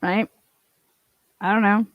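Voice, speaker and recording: Woman streamer ranting casually, blunt and kinda disbelieving, average pitch, dead dry sound. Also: fairly even intonation, slow, no echo, lo-fi sound. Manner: incredulous, profane, blunt. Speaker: livestream commentary host. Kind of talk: casual commentary chat.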